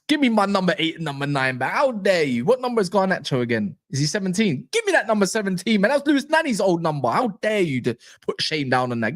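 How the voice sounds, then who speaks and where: A young man chatting casually on a football fan live stream, joking and bantering in slang. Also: high-pitched. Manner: animated, jokey, slangy banter.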